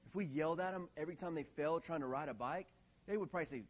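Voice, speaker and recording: A middle-aged man preaching a sermon in a church hall, lively and laughing often, acting out quoted voices. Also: on the high side, brisk. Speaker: pastor.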